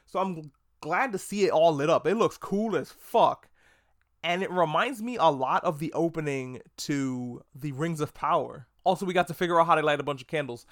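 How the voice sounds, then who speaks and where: Excitable, cursing man reviewing a show. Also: fairly high pitch, normal speed, no echo, clean studio sound. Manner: excitable, profane, rambling. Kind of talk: casual video review.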